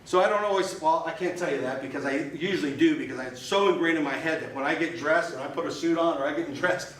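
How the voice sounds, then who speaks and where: In a meeting room, a male club speaker gives a motivational speech built on storytelling, punchy and emphatic with repeated phrases. He talks fast in a fairly high, slightly bright voice, heard from far off in an echoey space with a little hiss or hum.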